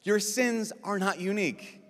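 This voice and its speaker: A priest giving a lively, joking talk at a youth conference, acting out quick voices as he goes. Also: high-pitched. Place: large conference hall. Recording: long reverb of a large hall.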